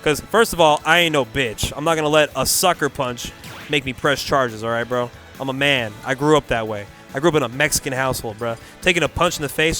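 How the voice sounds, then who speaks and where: A young man from the Bay Area, commentating a gaming tournament and telling a story in a casual, slangy, animated way. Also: medium pitch. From California Bay Area. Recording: faint music behind.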